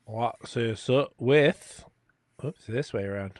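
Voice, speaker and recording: A man's voice: medium pitch, takes it slowly, background noise. An Australian man hosting a casual beer-tasting podcast chat, hyped and full of slang and swearing. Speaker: podcast host.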